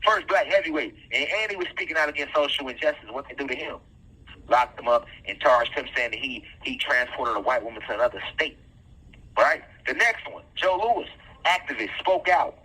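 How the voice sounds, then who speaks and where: A man's voice: medium pitch, animated, moderate pace, bright, forceful tone, breathy edge, low-quality recording. A man speaking, delivering an impassioned, preachy monologue full of repeated phrases and rhetorical questions. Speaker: self-styled activist commentator.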